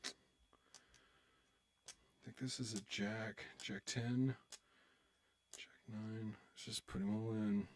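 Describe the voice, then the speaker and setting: His voice is lowish and fairly flat in intonation, and he talks slowly with frequent pauses. While streaming online poker, he mutters about his hands with some swearing, then banters upbeat and loosely with viewers in casual live-stream talk.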